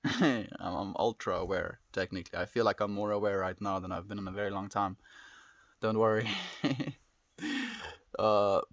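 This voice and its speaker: A young man chatting calmly on his live stream, reassuring viewers and often calling them "my friend". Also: lowish voice, normal speed, long pauses, no room sound. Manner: calm, reassuring, says "my friend" a lot. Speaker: livestreamer. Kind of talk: casual live stream chat reading viewer comments. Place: at home.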